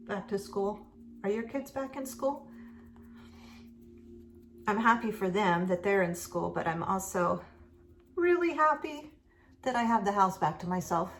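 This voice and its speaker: Middle-aged woman, beauty vlogger, relaxed unhurried delivery, mid-pitched, chatty and meandering. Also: a little hiss or hum. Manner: rambling, chatty, full of fillers. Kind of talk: casual makeup chat. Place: at home.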